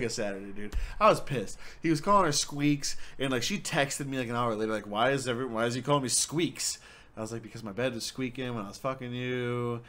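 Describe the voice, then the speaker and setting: A young man telling a rambling, profanity-filled story in a casual, animated way. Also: medium pitch, quick pace. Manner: rambling, swears a lot, animated. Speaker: storyteller guest.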